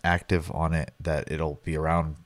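A man's voice: very deep voice, flat delivery, moderate pace. A man co-hosting a gaming podcast, giving a hesitant, reflective review with many restarts. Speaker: podcast co-host. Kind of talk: casual gaming podcast chat.

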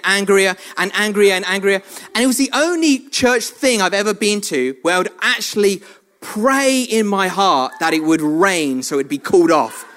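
Guy preaching, highish voice, chatty and jokey, laughs at himself a lot. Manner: animated, self-mocking storytelling with frequent laughs. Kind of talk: sermon.

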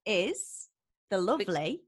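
A woman's voice: medium pitch, big pitch swings, takes it slowly, slightly rough. A woman with a Geordie accent co-hosting a casual chat, upbeat and giggly. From North East England. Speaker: co-host.

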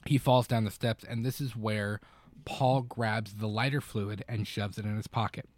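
Speaking at a normal speed in a fairly low, steady voice, this man co-hosts a podcast and chats his way through a film recap. His retelling rambles, packed with fillers and restarts.

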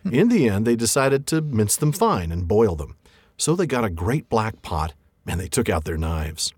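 Low-voiced, animated male co-host. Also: moderate pace, slightly rough, no echo. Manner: animated, laughs through his reading. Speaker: podcast co-host. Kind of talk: casual chat and read-aloud.

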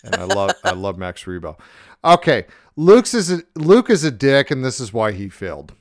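A man hosting a podcast, ranting in a casual, profane and excitable way. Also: medium pitch, normal speed, no room sound, clean studio sound. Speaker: podcast host.

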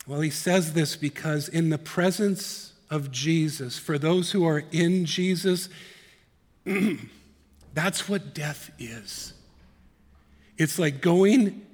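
A male pastor preaching a sermon, earnest, dropping to soft hushed tones and rising to emphatic peaks. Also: on the high side, slow, in a large hall.

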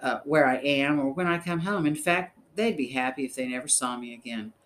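A man's voice: mid-range voice, a little fast, a bit bright, a little hiss or hum, close to an everyday voice. A man reading an audiobook voices a bossy, resentful young girl who talks in a scornful, demanding way.

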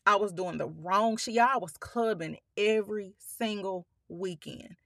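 A woman speaks slowly and with emphasis, calling her listeners y'all as she tells her own story. Her voice is bright and tense and she is holding back tears. The recording is close and dry. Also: mid-range voice, gravelly, no echo. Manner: emphatic, addresses listeners as y'all, frequent swearing. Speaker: podcast host. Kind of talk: personal storytelling monologue.

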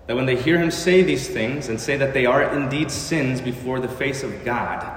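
A man's voice: mid-range voice, moderate pace. A man preaching a sermon, earnest, with rhetorical questions, recorded in a church sanctuary. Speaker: pastor. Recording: echoey church hall with long reverb.

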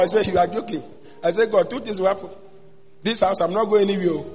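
A man, a pastor telling his story in a sermon, dropping to a hush and then bursting into shouts. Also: high voice, fairly even intonation, fast, husky, a faint crowd. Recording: long hall reverb with faint music.

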